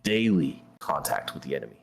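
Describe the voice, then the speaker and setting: A man's voice: extremely low pitch, sing-song, brisk, creaky, a little hiss or hum. A man hosting a gaming stream, telling a story in a blunt, profane, conversational way. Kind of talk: casual storytelling while gaming.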